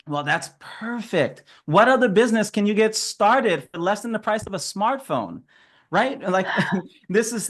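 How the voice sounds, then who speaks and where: A man's voice: high-pitched, lively intonation, unhurried. A man giving a casual, upbeat sales training talk on a video call, chatty and laughing often.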